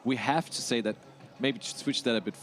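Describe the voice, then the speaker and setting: A man's voice: medium pitch, a little fast, a bit bright. A man co-commentating a live race in a casual, plain-spoken way.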